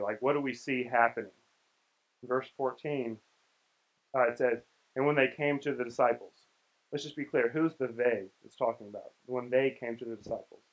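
A young man preaches in a relaxed, conversational way and voices the people in the story as he goes. His voice sits at an ordinary mid pitch. The recording is muffled and lo-fi. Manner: conversational, acts out the characters' lines. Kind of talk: casual sermon.

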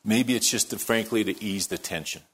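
Guy preaching, low-ish voice, goes quiet then gets loud and animated telling a story. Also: normal speed, breathy edge. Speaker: pastor. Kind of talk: sermon.

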